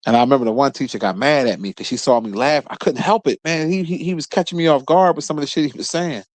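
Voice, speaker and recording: A Philadelphia man in his thirties tells a story loosely and casually, swearing freely, and his pitch jumps up as he gets into it. His voice sits at a middle pitch for a man. The sound is dry and close, with no room around it. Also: fast talker, no echo. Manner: profane, laughing storyteller, lively bursts of pitch. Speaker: podcast host.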